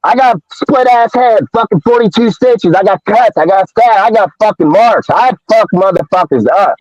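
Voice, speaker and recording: A man's voice: high-pitched, normal speed, darkish tone, no echo. A man hosting a live show, ranting in a heated, profane, confrontational way. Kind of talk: live-stream rant. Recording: dull lo-fi dry stream audio.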